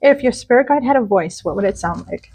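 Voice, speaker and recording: A woman hosting a casual podcast interview, asking short quick questions and giving brief affirmations. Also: mid-range voice, lively intonation, a little mellow, husky. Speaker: podcast host.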